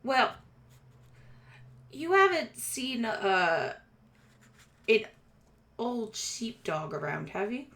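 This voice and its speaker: A woman's voice: a little high, big pitch swings, extremely slow, long pauses, fairly bright tone, heavily acted. A woman voicing a small, round, showy rat boy who boasts like an eager young performer. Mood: chatty. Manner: boastful, eager showman patter.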